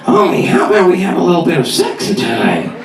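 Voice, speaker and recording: A man doing a flirty, high Marge Simpson. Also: sing-song, a little fast, gravelly, recorded from a distance, heavily acted. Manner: coy, flirty. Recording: echoey room, loud audience.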